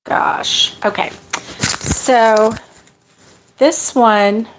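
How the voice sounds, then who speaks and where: A middle-aged woman talks slowly and loosely while sorting yarn for her crochet channel. Her voice sits a little high for a woman. She pokes fun at herself and laughs easily. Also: fairly even intonation, a little hiss or hum, rough recording. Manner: chatty, self-deprecating, laughs often. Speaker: crochet vlogger.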